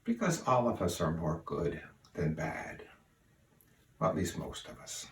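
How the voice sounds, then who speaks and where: An older man sharing memories of his cousin in an unhurried, folksy way with plenty of fillers, recorded at home. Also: sits low, very animated. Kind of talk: spoken remembrance. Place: room at home. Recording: roomy, distant mic, faint hiss.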